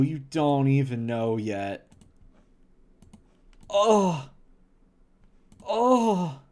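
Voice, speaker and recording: A man streaming casually, laughing often and reacting to things with loud mock horror and swearing. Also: on the high side. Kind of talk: casual livestream chat.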